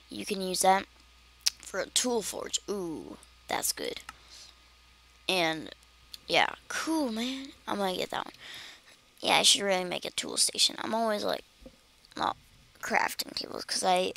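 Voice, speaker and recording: A woman's voice: mid-range voice, very animated, a little slow, gravelly, long pauses, a bit bright. A woman giving casual, rambling commentary while playing a game, chatty and giggly. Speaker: gaming channel host.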